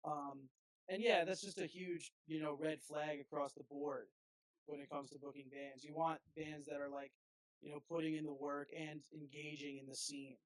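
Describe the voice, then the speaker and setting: A slightly high-voiced man chats as a podcast guest. He is laid-back and strings his thoughts together with fillers. The recording is dry and close. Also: little pitch movement, normal speed, no echo, low-quality recording. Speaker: band frontman and guest. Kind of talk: casual podcast chat.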